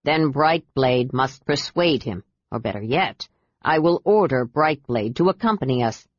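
A woman's voice: rumbling low, lively intonation, measured pace, no echo, heavily acted. A woman voicing a stern, harsh male knight who talks in curt orders, in an audiobook. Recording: dull dry audiobook recording.

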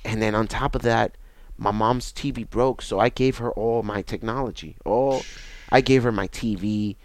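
A young man, telling his own story in a halting, repetitive, reflective way. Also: fairly low pitch, fairly even intonation, no echo. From Bronx, New York. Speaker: interview guest. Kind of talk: personal testimony.

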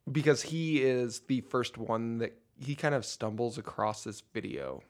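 A man co-hosting a casual movie podcast, rambling and animated as he talks. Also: medium pitch, unhurried. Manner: rambling, animated, laughs often. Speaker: podcast co-host.

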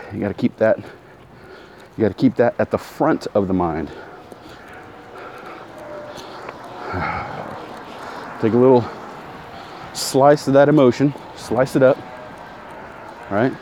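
A man's voice: medium pitch, drawn-out words, long pauses, a little mellow. A middle-aged man hosting a podcast while walking outdoors, rambling and correcting himself, greeting passersby. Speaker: podcast host. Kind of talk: casual walking podcast monologue. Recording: outdoor street noise. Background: traffic and street sounds.

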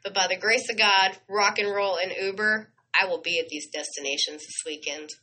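A chatty woman co-host, her voice crisp and bright as she rushes through fan stories on air. She sounds gushing and animated, talking in casual radio chat. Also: mid-range voice, low-quality recording.

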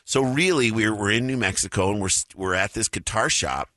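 A man, a comedian guest, telling animated stories in a casual radio chat. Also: fairly low pitch, brisk, dry recording, clean studio sound. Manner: storytelling, animated.

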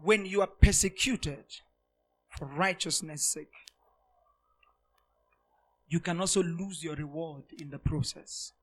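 A male pastor preaching a sermon to a congregation, repeating phrases and swinging between loud, emphatic shouts and hushed, quiet asides. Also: on the high side, takes it slowly, long pauses.

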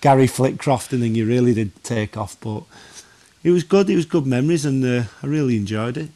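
A man in a casual podcast interview, telling football stories with lots of fillers and restarts. His pitch sits in the middle range for a man, and he sounds like a man in his thirties. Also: fairly quick. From northwest England. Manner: animated storyteller, many fillers and restarts. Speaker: former goalkeeper, podcast guest.

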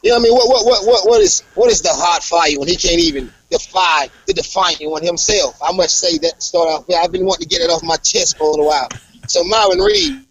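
A young adult man, a professional wrestler, talking casually in an interview and breaking into animated promo-style trash talk. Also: fairly high pitch, quick pace, few pauses, slightly rough, muffled recording. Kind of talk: casual interview over a call.

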